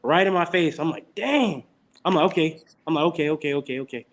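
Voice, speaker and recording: A man's voice: on the high side, quick pace. A young man, a college football player, telling stories in a casual podcast interview and acting out the quotes. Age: young adult. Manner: animated storyteller who acts out quotes.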